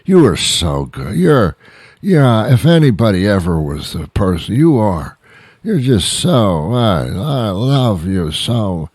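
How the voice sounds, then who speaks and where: A man's voice: fairly low pitch, sing-song, slow, a little mellow, husky, dry recording, studio quality, voice pushed up, heavily acted. A man voicing a sloppy, affectionate drunk man who keeps repeating himself and begging for hugs. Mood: gushing. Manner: slurring, repetitive, pleading for hugs.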